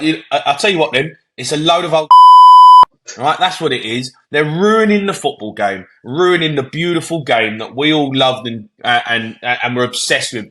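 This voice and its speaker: A man co-hosting a football show, ranting loudly and in exasperation. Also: medium pitch. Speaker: podcast co-host. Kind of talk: heated football debate.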